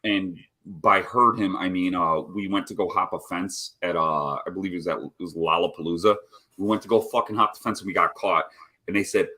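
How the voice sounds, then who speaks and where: A man's voice: deep voice, sharp tone. A man chatting casually on a live stream, rambling and swearing constantly as he tells stories. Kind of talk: casual chat. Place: home, rolling a cigarette.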